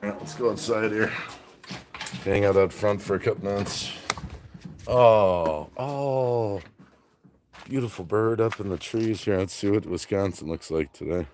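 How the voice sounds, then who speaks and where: A man's voice: on the low side, unhurried, long pauses, background noise. A man in his fifties live-streaming from his home garage on a phone, chatting casually, laughing often and answering his viewers' chat. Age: 50s.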